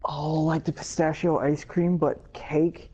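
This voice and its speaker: A woman's voice: low-pitched, level tone, unhurried, dark tone, slightly rough. Teasing woman on muffled lo-fi audio. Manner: teasing, incredulous, rattles off lists. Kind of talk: casual chat.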